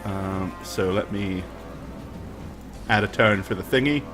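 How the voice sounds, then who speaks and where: A young man running a tabletop game as game master, narrating in vivid, drawn-out descriptions with frequent ums. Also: lowish voice, music in the background.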